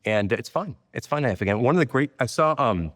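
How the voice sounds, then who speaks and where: A man's voice: mid-range voice, animated, quick pace, fairly bright tone, dry recording, clean studio sound, long reverb tail. A middle-aged man speaking as an interview guest, reflective and candid in a casual conversation. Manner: reflective, candid, affirming with short yeses. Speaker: guest, software company founder.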